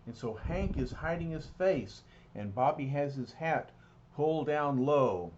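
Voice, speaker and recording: A man reading a comic book aloud in a hesitant way, with fillers and restarts. His pitch rises and falls, and he reads slowly. The recording is a little dull, with faint noise behind him. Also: animated. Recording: slightly dull, lightly noisy recording.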